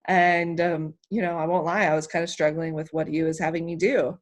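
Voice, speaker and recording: A woman from the United States, an athlete telling her story as an interview guest, emotional and animated, rambling with many fillers. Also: lowish voice, brisk. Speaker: interview guest, hammer thrower.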